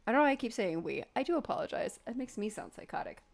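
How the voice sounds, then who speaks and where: A woman's voice: a little high, sing-song, fast talker, vocal fry. A young woman chatting and rambling while she knits on a live stream, laughing often and still getting over an illness. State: recovering from being sick. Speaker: knitting streamer. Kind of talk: casual chat while knitting on a live stream.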